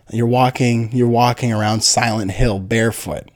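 A man's voice: medium pitch, steady tone, normal speed. A man, telling a rambling, profane comedic story full of fillers and restarts. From Niagara, Ontario, Canada. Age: 30s.

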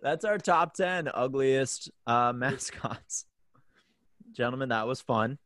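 A man in his twenties hosting a podcast from a home room, loud with mock outrage and swearing freely in casual banter. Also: medium pitch, expressive, slow, no echo, studio quality. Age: 20s. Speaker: podcast host.

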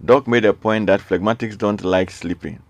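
A man's voice: lowish voice, fairly even intonation, normal speed, no room sound. A man hosting a radio call-in show, earnestly reading out listener messages and repeating his requests. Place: radio studio.

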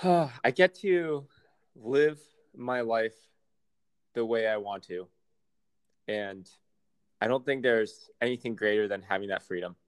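A man speaking as a guest in a podcast interview, measured and thoughtful, with small restarts as he works out his points. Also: medium pitch, clean tone. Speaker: guest, artist and entrepreneur. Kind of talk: conversational interview.

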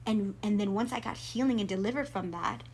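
A woman guest telling her faith testimony in an earnest, animated way. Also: mid-range voice, a little fast, breathy edge.

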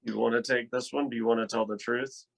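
A man with a drawl recounts a chaotic gig in casual conversation. He swears freely and bursts into the voices of people he quotes, keeping the telling animated and loose. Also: mid-range voice, quick pace, vocal fry. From Georgia, US. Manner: profane, animated storyteller acting out quotes. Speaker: touring band musician, guest. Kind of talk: casual storytelling chat.

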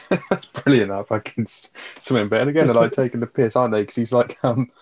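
Fast-talking man, rambling film chat. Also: medium pitch, darkish tone. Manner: fast, rambling, swears often, laughs a lot. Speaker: podcast co-host. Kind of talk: casual film review chat.

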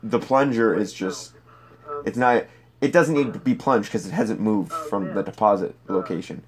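Joking man on a podcast. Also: on the low side. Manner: crude, joking, quick questions. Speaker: podcast co-host. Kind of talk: casual chat.

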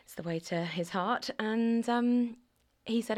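A woman's voice: fairly high pitch, measured pace, a little mellow. A woman in her thirties from the Channel Islands, chatting as a guest in a casual conversation and telling her story with self-mocking humour. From Alderney, Channel Islands. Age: 30s. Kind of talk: casual podcast chat.

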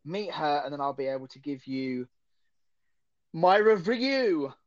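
Man co-hosting a podcast, rambling and chatty, slightly high voice, dry muffled sound. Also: animated, a little slow, no echo. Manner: chatty, rambling, self-deprecating. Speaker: podcast co-host. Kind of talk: casual chat.

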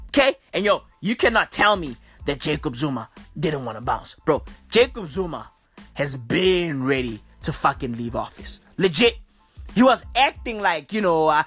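A woman's voice: fairly low pitch, very animated, normal speed, fairly bright tone, breathy edge, no echo, soft background music. A woman hosting a podcast, delivering a profane comic rant full of slang, with "bruv" and "okay" after nearly every line. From South Africa. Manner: swearing, slangy, keeps tagging bruv and okay. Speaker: podcast host.

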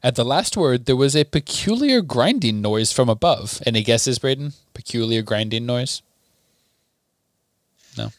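Steady man reading a novel aloud. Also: mid-range voice, unhurried, no room sound. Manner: steady, clear reading with small asides.

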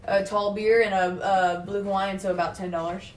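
A woman's voice: medium pitch, flat delivery, moderate pace, roomy sound. A woman who works as a restaurant server, telling workplace stories in casual chat and swearing freely. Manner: swearing, storytelling, quotes customers.

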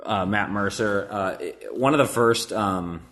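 A man's voice: fairly low pitch, a little slow, fairly bright tone. A man who works as a voice actor, chatting casually on a podcast, rambling and self-deprecating with many fillers and restarts. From Nebraska. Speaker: voice actor guest.

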